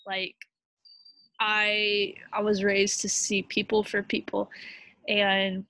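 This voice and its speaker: A woman's voice: medium pitch, completely flat delivery, sharp tone, no echo. Tired, heartfelt woman telling a story. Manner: halting, heartfelt, many fillers and restarts. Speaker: vlogger. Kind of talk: emotional personal story.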